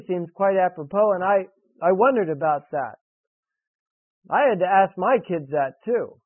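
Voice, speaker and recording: Heard over a tinny, dry radio broadcast with no room sound, a man with a fairly high voice preaches and reads scripture. He is earnest and direct, pressing questions on his listeners.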